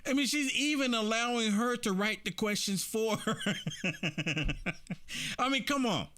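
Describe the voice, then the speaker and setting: A man hosting casual political commentary, animated, repeating himself and laughing often. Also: high voice, unhurried.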